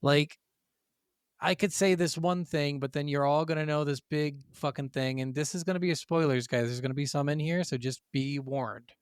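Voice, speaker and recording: A man's voice: fairly high pitch, fairly even intonation, normal speed, clean tone, no echo, studio quality. A man co-hosting a gaming podcast, reading from notes, then riffing casually with swearing and stumbling over foreign names. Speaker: podcast co-host.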